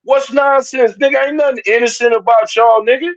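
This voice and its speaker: Man, livestream commentator, high voice, confrontational rant, repeats himself, muffled lo-fi sound. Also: steady tone, fairly quick. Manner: confrontational, repetitive, addresses chat directly. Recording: dull lo-fi stream audio.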